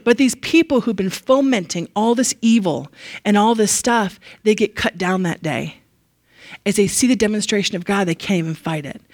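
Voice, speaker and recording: A woman giving a casual, animated Bible lesson. She is chatty, laughs often and leans on fillers. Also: mid-range voice, moderate pace, dry recording, studio quality. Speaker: Bible teacher.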